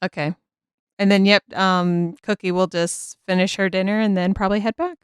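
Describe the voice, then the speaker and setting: Clear-voiced woman playing a tabletop game. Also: medium pitch, steady tone, moderate pace, dry recording, studio quality. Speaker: player. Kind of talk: tabletop role-play, speaking in character.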